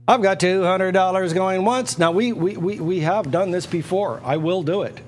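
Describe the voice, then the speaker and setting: Male livestream auctioneer, slightly high voice, hard-selling patter full of restarts. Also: normal speed, few pauses. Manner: repetitive, pushy salesman patter with stammered restarts. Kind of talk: live online auction sales pitch. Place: indoors at a computer.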